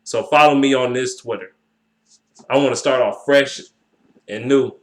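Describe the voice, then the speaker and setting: A man's voice: mid-range voice, normal speed. A young man ranting heatedly about basketball as a sports vlogger, swearing and repeating himself. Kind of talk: profane sports rant.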